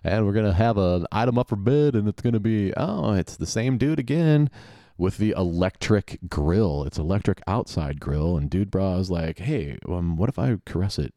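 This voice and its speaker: A man hosting a podcast, giving sarcastic, mocking play-by-play of a TV game show with quick asides. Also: low voice, expressive, dark tone, no room sound, clean studio sound. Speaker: podcast host.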